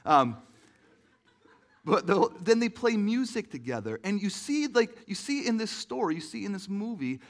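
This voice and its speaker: A pastor gives a relaxed, conversational sermon and often turns to the audience with questions. His voice is a touch higher than most men's, and his talk is loose and filled with "like" and restarts. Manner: chatty, asks the audience questions, many fillers.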